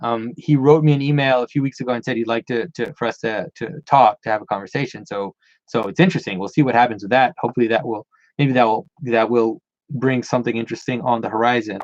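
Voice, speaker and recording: A man's voice: medium pitch, fairly even intonation, fast talker, no echo, dull audio. A man hosting a casual livestream Q&A, rambling with frequent restarts and repeated words. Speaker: channel host answering viewer questions.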